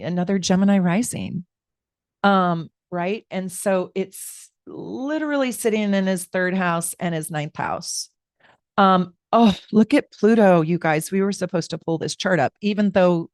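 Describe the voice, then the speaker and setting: A chatty woman astrologer reads charts on a live stream from home, rambling and talking right to her viewers. Her voice sits fairly low, in a dry, close room. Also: no room sound. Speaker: astrologer giving live readings.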